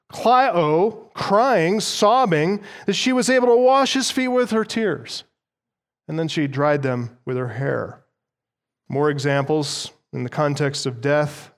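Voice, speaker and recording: A man preaching a sermon as pastor, slowing down to stress key words as he explains a text. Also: on the high side.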